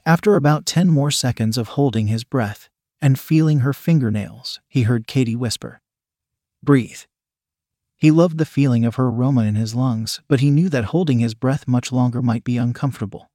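A man's voice: medium pitch, fairly quick, warm tone, dry recording, clean studio sound. Man reading an erotic story aloud. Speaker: story narrator. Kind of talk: scripted erotic story narration.

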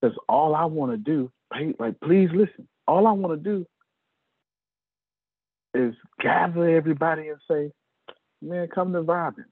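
A middle-aged man giving an animated business pep talk to his team, acting out conversations in shifting voices. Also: a little high, normal speed, long pauses, breathy edge, no room sound, narrow, tinny audio.

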